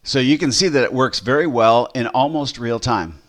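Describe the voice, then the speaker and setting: A man who pastors, casually walking through a software demo, rambling with fillers and restarts. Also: mid-range voice, moderate pace.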